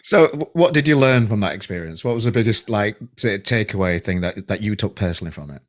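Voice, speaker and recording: A man interviewing a guest, asking relaxed questions and often restarting them. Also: on the low side, quick pace.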